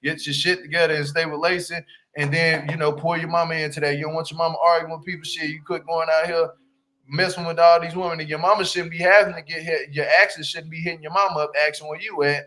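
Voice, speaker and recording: A man hosting a casual livestream review of a reality show, animated and slangy, laughing and talking straight to his viewers. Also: a little high, quick pace, poor audio. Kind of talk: casual commentary.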